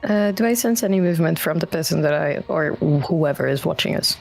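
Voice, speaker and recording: A woman's voice: low voice, expressive, brisk, vocal fry, a little mellow, soft background music. A woman playing a tabletop game, talking casually and joking. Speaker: player.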